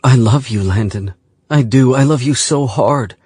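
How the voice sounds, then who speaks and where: A man's voice: medium pitch, unhurried, darkish tone, husky, no echo, studio quality, voice pushed up. A man narrating an audiobook voices a young woman in love, pleading and emotional, in a raised register.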